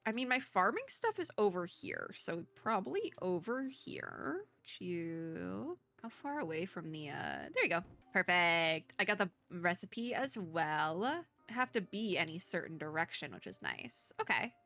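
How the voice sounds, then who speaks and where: A woman's voice: fairly low pitch, sing-song, measured pace, hardly any pauses, sharp tone, faint music behind. Giggly young woman gaming streamer. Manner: chatty, giggly, thinking aloud. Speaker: gaming content creator. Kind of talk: casual let's-play commentary.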